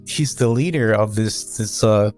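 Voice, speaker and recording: A man's voice: fairly low pitch, measured pace, darkish tone. Man, podcast guest, rambling storyteller, faint music underneath. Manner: rambling storyteller with many fillers and restarts. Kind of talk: casual podcast chat.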